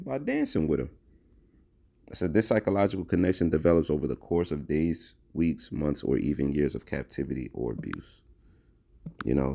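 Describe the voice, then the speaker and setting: Male scripture teacher, dark tone, halting delivery full of fillers. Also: sits low, vocal fry. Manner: halting, with many fillers and restarts, reads verses aloud. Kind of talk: bible-based commentary.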